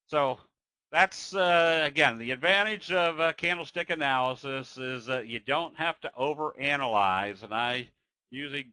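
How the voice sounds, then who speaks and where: A man with a bright, forceful voice gives a webinar chart walkthrough. He talks in a folksy, conversational way and often pauses on fillers. The sound is dry and close. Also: medium pitch, clean tone, no echo, low-quality recording. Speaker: trading educator.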